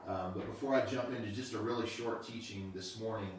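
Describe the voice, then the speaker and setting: A male pastor giving a casual, conversational sermon online, unhurried and relaxed. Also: lowish voice. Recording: very echoey room, mic far off.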